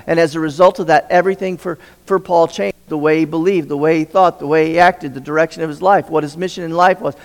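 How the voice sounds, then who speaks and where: Preacher guy retelling a story, gravelly kinda high voice, long hall echo. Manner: storytelling, asks the audience questions. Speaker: pastor. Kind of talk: sermon.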